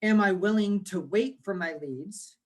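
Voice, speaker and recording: A man in his forties, a guest on an interview podcast, explaining things with lively rhetorical questions. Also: sits high, unhurried. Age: 40s. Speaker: guest, marketing agency owner.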